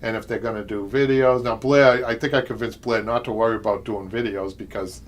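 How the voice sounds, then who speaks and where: A man's voice: on the low side, fairly even intonation, brisk. A man with a Boston accent hosting a live upholstery show, chatting and rambling through viewer comments with frequent laughs. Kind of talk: live-stream chat reading viewer comments.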